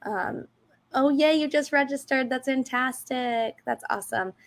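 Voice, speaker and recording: A woman's voice: high-pitched, measured pace. A woman co-hosting a live online info session for teachers, talking in an upbeat, chatty way with many fillers. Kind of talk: casual live-stream chat.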